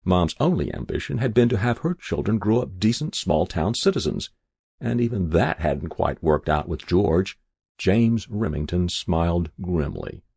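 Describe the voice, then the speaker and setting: A man narrates a story in an expressive reading voice, rising and falling with plenty of movement. His voice sits very low, with a gravelly, husky grain. The recording is dry and close. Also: dry recording.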